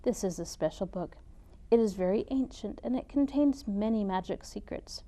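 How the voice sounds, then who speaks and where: Woman doing Stregonona, gentle old witch. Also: mid-range voice, moderate pace, close to an everyday voice. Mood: patient. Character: wise old woman witch, kindly teacher.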